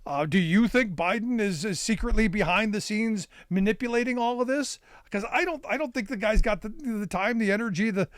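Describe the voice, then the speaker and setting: A man's voice: sits high, a little fast, hardly any pauses, no echo. A man hosting a political talk show, asking questions in a casual, conversational way.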